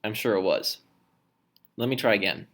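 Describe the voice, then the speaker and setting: A man's voice: lowish voice, moderate pace, a bit bright. A man teacher explaining how to read poetry aloud in a recorded lesson, demonstrating points with his own voice.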